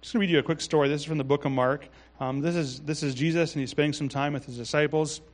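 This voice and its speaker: A pastor preaching a sermon in a relaxed, conversational way, reading scripture and adding asides. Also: male voice, fairly high pitch, quick pace. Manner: conversational, with frequent restarts and asides.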